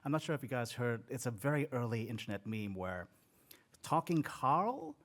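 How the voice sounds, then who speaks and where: Animated Australian man telling a story. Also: medium pitch, moderate pace. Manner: animated storyteller, does silly voices. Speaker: voice actor. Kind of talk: live panel anecdote. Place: convention panel room.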